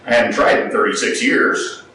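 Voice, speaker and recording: A man in his forties telling a personal story to a live audience, animated and self-mocking, acting out what people said. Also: fairly low pitch, moderate pace, background noise. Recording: echoey hall, distant mic.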